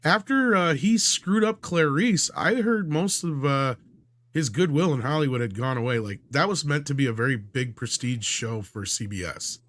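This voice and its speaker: A man's voice: lively intonation, normal speed, fairly bright tone. Rambling man on a casual livestream. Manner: rambling, filler-heavy, trails off low. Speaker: livestream co-host. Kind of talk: casual entertainment-news chat.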